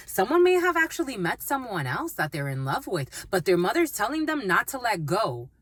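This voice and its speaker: A woman's voice: mid-range voice, a bit bright, no echo. A woman giving a channeled tarot reading, blunt and emphatic, swearing freely and repeating phrases. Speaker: tarot reader.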